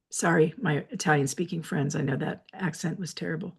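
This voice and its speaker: A woman hosting a reflective solo talk from her office, explaining ideas in a measured, lecturing way with personal asides. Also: low voice, fairly even intonation, creaky, breathy edge. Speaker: host.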